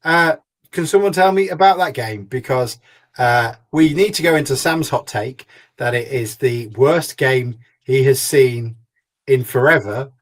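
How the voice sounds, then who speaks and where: A man's voice: mid-range voice, measured pace. A man hosting a fan podcast in casual chat, jokey and teasing. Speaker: podcast host.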